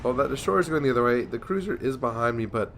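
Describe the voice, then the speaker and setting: A man's voice: mid-range voice, animated, quick pace, creaky, fairly bright tone, faint music behind. A young man giving casual, rambling commentary over a naval war game, sleepy and yawning, joking at himself. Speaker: gameplay commentator.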